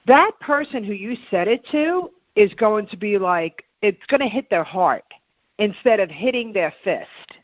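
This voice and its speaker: A woman's voice: medium pitch, expressive, unhurried, no room sound. A middle-aged woman talks in an earnest, coaching way and leans on repeated phrases for emphasis. Her voice sits in a middle range. The sound is dry and slightly dull, like lo-fi remote audio. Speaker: podcast guest, happiness coach. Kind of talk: motivational interview talk.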